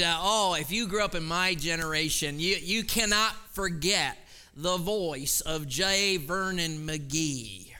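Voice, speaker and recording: A man, a pastor, preaching a sermon with scripture reading and prayer, building to loud, emphatic repeated phrases in a church. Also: sits high, clean tone. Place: church sanctuary. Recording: long reverb of a large hall.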